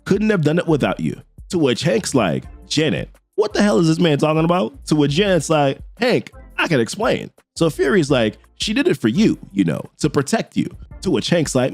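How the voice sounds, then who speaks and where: A man's voice: a little high, normal speed, hardly any pauses, no room sound, soft background music. A man casually retelling a comic book story, reading characters' quotes with his own asides. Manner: animated retelling, reads quotes with little asides. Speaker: comic book recap narrator.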